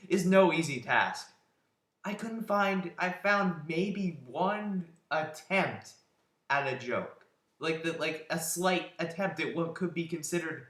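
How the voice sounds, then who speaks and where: A man's voice: fairly high pitch, animated, unhurried, fairly bright tone. A man giving a sarcastic, exasperated rant as an online movie reviewer. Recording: roomy echo.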